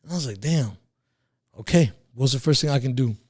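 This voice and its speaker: A man with a medium-pitched, darkish, breathy voice speaks briskly with lively intonation as a podcast guest. Laid-back and profane, he tells his life story casually, with lots of swearing, chuckles, and restarts.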